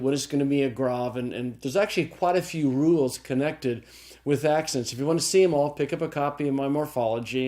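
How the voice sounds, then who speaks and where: A man's voice: medium pitch, a little mellow. A man teaching a recorded lesson, patient and repetitive, often checking in with the listener. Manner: patient, repeats key points and checks with "okay?". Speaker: Greek teacher. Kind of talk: recorded lecture.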